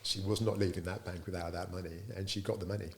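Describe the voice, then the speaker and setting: A middle-aged man recounts his company's early days as an interview guest. His voice is a bit low and gravelly with some fry. He tells the story lively and slips into the voices of the people he quotes. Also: fast. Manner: lively storyteller who acts out quoted dialogue. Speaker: business founder being interviewed.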